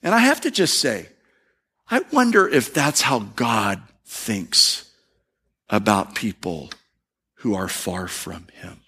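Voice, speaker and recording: This middle-aged pastor preaches with a husky voice, slow and highly animated, framing his sermon as a conversational story. For emphasis he drops to a soft, low register.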